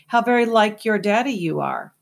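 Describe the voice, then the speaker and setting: A woman's voice: mid-range voice, animated, moderate pace, vocal fry, pitched above the performer's own voice. A woman voicing a weary, cunning male giant rat who drawls his lines languidly and mockingly in an audiobook. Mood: languid mockery. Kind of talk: audiobook character voice.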